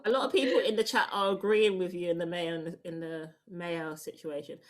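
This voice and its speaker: A woman's voice: fairly low pitch, fairly even intonation, moderate pace. A woman, a comedian on a live panel, telling a casual anecdote and laughing through her own story.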